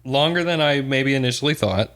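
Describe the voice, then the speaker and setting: A young man co-hosting a podcast, chatting casually about a book, animated and quick to act out lines with a laugh. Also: mid-range voice. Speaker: podcast co-host. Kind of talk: casual book discussion chat.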